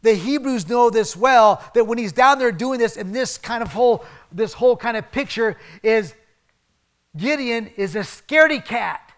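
A man preaching a sermon in a conversational way, swinging from emphatic bursts down to soft, hushed asides. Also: very high voice, animated, normal speed. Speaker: pastor.

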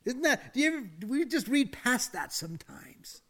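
A male pastor preaching a sermon, dropping to hushed whispers and then rising to loud, emphatic declarations, and asking the congregation to say lines with him. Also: extremely high pitch, sing-song, moderate pace. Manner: invites the congregation to speak along.

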